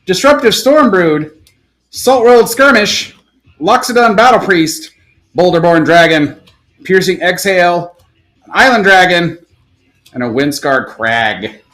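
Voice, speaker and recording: Male stream host, casual and profane, rattles off items fast with lively, upbeat pitch. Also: low-quality recording. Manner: rapid-fire listing with excited outbursts and cursing. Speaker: live stream card seller. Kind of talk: casual live stream pack opening.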